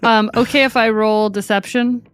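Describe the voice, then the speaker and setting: A woman's voice: fairly high pitch, fairly even intonation, normal speed, smooth, faint music behind. A woman narrating her character in a tabletop game, hesitant with many fillers. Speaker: player. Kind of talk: tabletop role-play.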